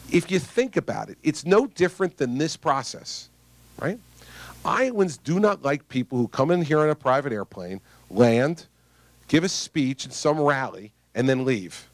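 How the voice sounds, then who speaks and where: A man's voice: medium pitch, no echo. A man, a politician, giving a campaign stump speech to voters in a conversational, emphatic storytelling manner.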